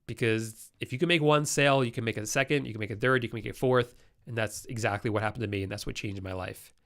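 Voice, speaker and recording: A man's voice: medium pitch, steady tone, fast, fairly bright tone. A man with a congested, nasal voice from a cold, hosting a casual live-stream Q&A and answering viewer questions in a chatty way.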